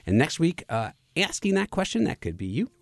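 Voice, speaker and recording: A man's voice: a little high, very animated, a little fast, vocal fry. A man co-hosting a radio talk show about wine and beer, chatting casually and joking. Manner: chatty, jokey, reads quotes aloud.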